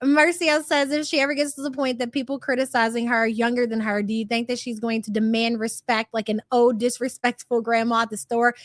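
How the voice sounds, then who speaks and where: Woman, light country twang, high voice, dry close sound, brash and profane livestream host. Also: flat delivery, a little fast, hardly any pauses, no echo. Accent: light American country twang. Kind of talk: livestream commentary reading viewer chats.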